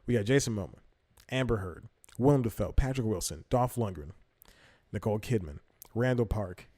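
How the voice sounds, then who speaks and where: A man's voice: fairly low pitch, animated, moderate pace, warm tone, dry recording, clean studio sound. A young man hosting a comedy podcast, rambling through casual commentary, correcting himself and laughing often. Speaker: podcast host.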